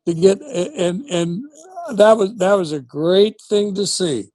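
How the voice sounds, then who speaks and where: A man's voice: high voice, a little slow, dry recording. An older man, a former football coach, reminiscing as an interview guest and acting out the dialogue in his stories. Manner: animated storyteller who acts out quoted dialogue.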